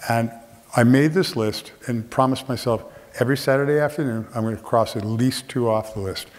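Speaking briskly in a medium pitch, a man animatedly recounts a humorous personal experience from a theater stage, imitating the voices of others in the tale. The recording carries long theater reverb.

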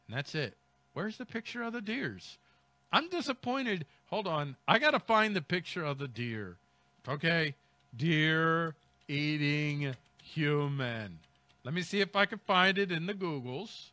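A man hosting a comic news segment, his voice swinging widely in pitch. The tone is bright and sharp, recorded dry and close. He reads headlines, then mocks them in loose riffs. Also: very animated, a little slow, gravelly, no echo. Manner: mocking, riffing, reads then ad-libs. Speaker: comedy news host. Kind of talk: comic commentary on news stories.

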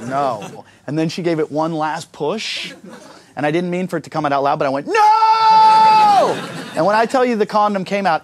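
An American stand-up comedian and show host with a fairly high-pitched male voice tells crude, wry, self-mocking stories, acting out the quotes. His set blends a stand-up routine with a casual vlog-style tour.

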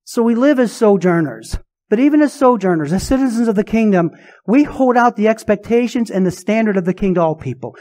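A man's voice: high-pitched, expressive, fairly quick, mellow. A male pastor preaching a sermon, emphatic and full of rhetorical questions.

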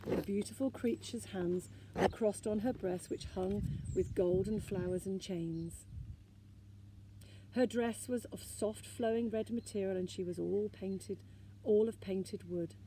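A woman teacher reading a children's storybook aloud in a gentle, expressive way. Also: mid-range voice, measured pace, background noise.

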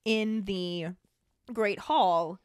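A woman's voice: medium pitch, drawn-out words, clean tone. A young adult woman co-hosting a podcast, recapping a book in casual chat and swearing freely. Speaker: podcast co-host.

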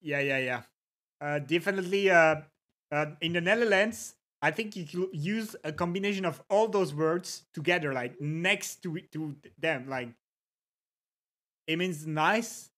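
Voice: mid-range voice, unhurried, a bit bright. A livestreamer in casual chat, reading viewer messages aloud, greeting people, and repeating words with amusement.

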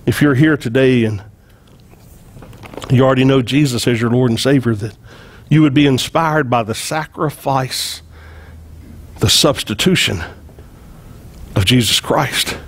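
A man preaching a sermon, retelling a story with lively acted-out quotes and frequent repeated words. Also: mid-range voice, a little slow, long pauses, slight background noise. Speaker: pastor.

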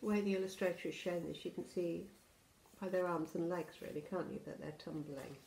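A woman's voice: fairly low pitch, fairly even intonation, normal speed, creaky, a little mellow, a little hiss or hum. A teacher reading a picture book aloud to young children. She reads expressively, drops to a whisper for suspense and stops to point out the pictures. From England.

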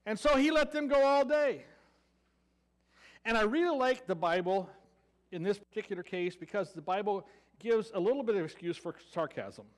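A man's voice: sits high, animated, moderate pace. A man with a Southern American accent preaching a sermon, telling a story with playful sarcasm and acting out the people in it. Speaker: pastor.

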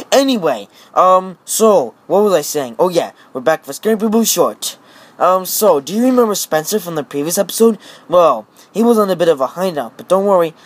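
A toy-video creator chatting casually and rambling with lots of fillers while narrating their toy play at home. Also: medium pitch.

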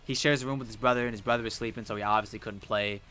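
Fast, bright-voiced man chatting over a game. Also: lowish voice, clean tone, soft background music. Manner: animated storyteller, swears freely. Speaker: co-host of a game challenge series. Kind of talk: casual gaming chat while playing.

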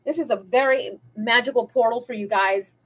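A woman with a slightly high voice leads a casual pick-a-card tarot reading. She rambles in a chatty way and talks about energy and manifesting straight to her viewers. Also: normal speed, slightly rough. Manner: chatty, rambling, spiritual, addresses viewers as "you guys".

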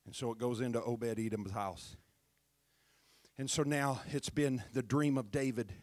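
A man preaching a sermon in a church, talking conversationally and building to loud, shouted praise. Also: mid-range voice, normal speed, no room sound.

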